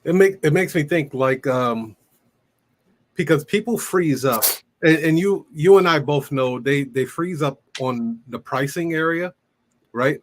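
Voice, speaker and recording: A man with a fairly high voice hosts a relaxed interview. He speaks very slowly and haltingly, restarting his sentences as he thinks aloud. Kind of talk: casual interview chat.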